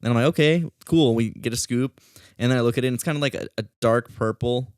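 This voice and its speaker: A man hosting a podcast, telling a story in a casual, animated way and swearing often. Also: medium pitch, quick pace, clean tone, dry recording, studio quality. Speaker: podcast host.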